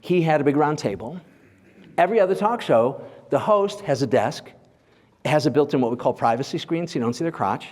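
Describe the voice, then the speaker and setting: A portrait photographer giving an informal lecture to a live audience, conversational and chatty, often checking in with listeners with "right?". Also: male voice, a little high, lively intonation, fairly quick, darkish tone. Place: large lecture hall at a symposium. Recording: long reverb of a big hall.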